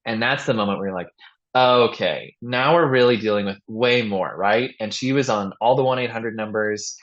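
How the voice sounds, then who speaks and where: A man with a lowish voice hosts a casual podcast and tells long stories. He acts out the people in them with bright, animated bursts. The sound is dull and lo-fi. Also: normal speed. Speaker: podcast host.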